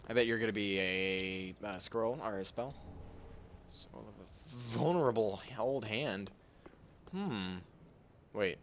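A man giving casual, goofy gameplay commentary, laughing often and breaking into sudden excited outbursts. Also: fairly low pitch, slow, long pauses, a little hiss or hum. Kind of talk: casual let's-play commentary.

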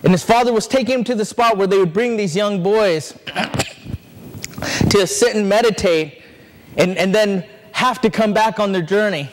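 A man's voice: sits high, normal speed, a little hiss or hum. A male preacher telling a story in a sermon, earnest and building suspense. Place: church sanctuary.

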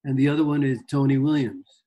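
A man's voice: mid-range voice, brisk, warm tone. A man guest on an interview, telling rambling anecdotes about his music career and acting out quotes. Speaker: guest guitarist. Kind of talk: casual storytelling interview.

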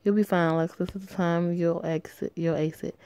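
A woman's voice: fairly low pitch, fairly even intonation, moderate pace, warm tone, clean tone, no echo, natural voice. Woman doing a reassuring young best friend. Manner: upbeat and reassuring.

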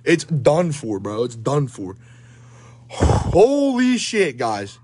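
Here the young card breaker's voice is mid-range, a little mellow and husky, with wildly swooping pitch and a very slow pace. He's doing live commentary on opening trading card packs, hyped and swearing, calling out player names while out of breath.

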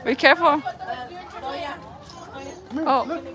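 High-voiced playful mom. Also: female voice, very slow, a crowd in the background. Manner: playful, coaxing. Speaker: mother. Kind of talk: casual family chat. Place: outdoor wildlife park.

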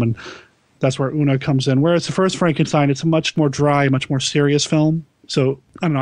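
A man's voice: medium pitch, darkish tone, no room sound. A man hosting a podcast, chatting casually and enthusiastically, often laughing. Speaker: podcast host. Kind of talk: casual chat.

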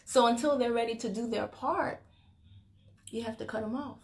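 A woman's voice: on the high side, normal speed. A woman leading a network marketing team gives a chatty, teasing motivational talk on a phone livestream. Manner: chatty, teasing, breaks into laughter. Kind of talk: motivational Facebook Live talk.

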